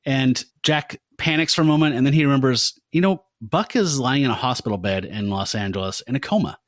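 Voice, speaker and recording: Man, podcast host, casual, animated retelling, dry close sound, mid voice. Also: medium pitch, fairly quick, dry recording. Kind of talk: casual comic book discussion.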